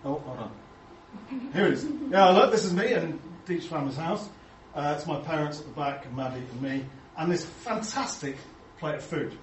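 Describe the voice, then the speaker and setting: A man's voice: fairly high pitch, normal speed. An Englishman giving a humorous talk to an audience, telling chatty, self-mocking stories and acting out the voices he quotes. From England. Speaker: speaker showing photos to an audience. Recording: echoey hall, distant mic, faint noise.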